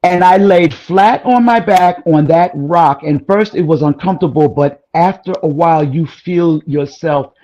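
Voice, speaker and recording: A woman guest in a casual chat, telling a personal story in an animated, rambling way with frequent exclamations. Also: deep voice, measured pace, hardly any pauses, poor audio.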